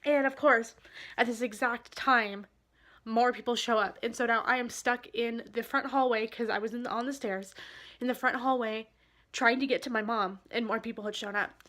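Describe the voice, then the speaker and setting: A woman vlogger telling a personal story in a candid, halting and emotional way. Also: a little high, steady tone, fairly bright tone.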